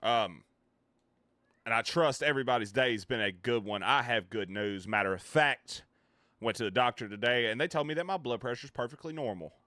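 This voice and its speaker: A man's voice: medium pitch, a little fast, pushed and bright, no echo. A man chatting casually with his viewers on a live stream, joking, rambling and swearing freely.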